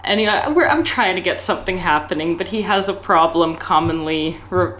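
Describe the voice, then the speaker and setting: A woman's voice: lowish voice, fairly quick, fairly bright tone. A woman telling stories as a guest in a casual interview, speaking candidly, laughing often and acting out the dialogue. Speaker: guest, escort and tantra educator.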